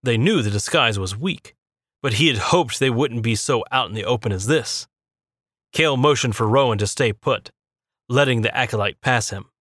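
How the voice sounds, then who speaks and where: A man narrates a fantasy audiobook with a steady, measured reading. His voice is mid-range, and the recording is dry and studio quality.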